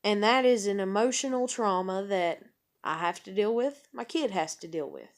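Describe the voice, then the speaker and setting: A woman's voice: medium pitch, lively intonation, moderate pace. A woman talking frankly in a personal vlog, rambling and swearing freely. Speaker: vlogger.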